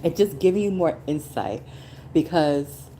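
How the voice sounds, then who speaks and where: A middle-aged woman hosting a casual solo podcast, talking emphatically and swinging from low asides to high exclamations. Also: animated, measured pace, warm tone, slight background noise, poor audio. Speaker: podcast host.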